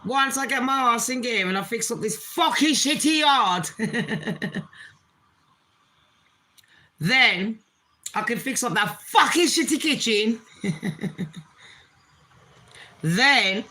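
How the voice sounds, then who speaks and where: Bright-voiced chatty woman. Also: a little high, expressive, slow pace, long pauses, poor audio. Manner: chatty, swears freely, laughs often. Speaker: channel host. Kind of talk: casual chat vlog.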